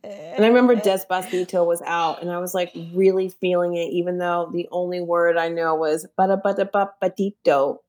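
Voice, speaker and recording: A woman's voice: fairly low pitch, flat delivery, brisk, a little mellow. A woman from New Jersey co-hosting a podcast, telling blunt, comic stories and swearing freely. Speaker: podcast co-host. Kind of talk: casual chat.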